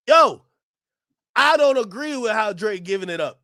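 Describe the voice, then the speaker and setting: A man ranting loudly and profanely to his chat during a live stream reaction. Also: high voice, animated, moderate pace, long pauses, dry recording, studio quality. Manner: loud, profane ranting, often shouting; talks to his chat and laughs between bits.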